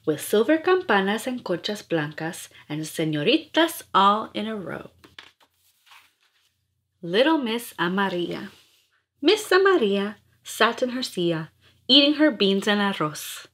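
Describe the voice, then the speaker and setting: A woman's voice: medium pitch, very animated, measured pace, fairly bright tone, slightly rough. A woman reading nursery rhymes aloud in a playful, rhythmic, sing-song way. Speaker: storyteller.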